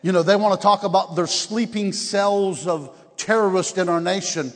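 High-voiced man preaching with long reverb. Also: moderate pace, hardly any pauses. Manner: energetic, laughing, swings from shouts to hushed tones. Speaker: evangelist. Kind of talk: revival sermon.

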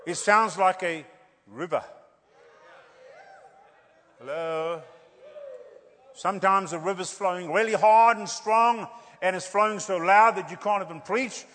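High-voiced man preaching revival sermon. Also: a little slow, long pauses. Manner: lively, swings between loud declarations and quiet asides, jokey. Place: large church hall. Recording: church hall with long reverb.

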